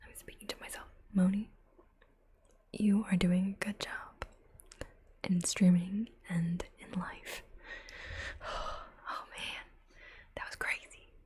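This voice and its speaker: A woman ASMR streamer in whispered role-play, chatting softly with her viewers and giggling now and then. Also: lowish voice, level tone, slow, long pauses, slightly rough.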